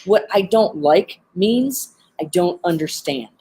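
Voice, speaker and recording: Earnest woman trainer with a low voice. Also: lively intonation, slow, mellow, a little hiss or hum, low-quality recording. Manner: earnest and heartfelt, with frequent "um" fillers. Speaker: animal behavior trainer. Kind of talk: live-streamed talk with advice. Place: animal center, sitting among birds.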